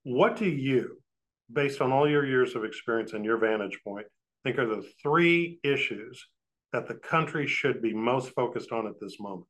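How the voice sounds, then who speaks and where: Male interviewer, mid-pitched, halting questions. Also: fairly bright tone.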